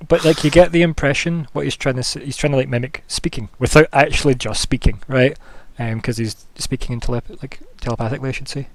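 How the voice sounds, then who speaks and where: A man's voice: mid-range voice, steady tone, fast, hardly any pauses. A man narrating as game master, describing scenes loosely with many fillers.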